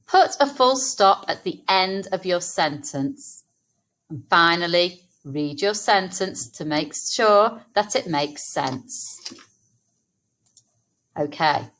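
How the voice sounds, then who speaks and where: Lady teacher, sounds out words for little kids, slow and sing-song. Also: on the low side, fairly bright tone. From England. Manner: slow, clear, sounding out words for young children. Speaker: primary school teacher. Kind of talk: early-years phonics lesson.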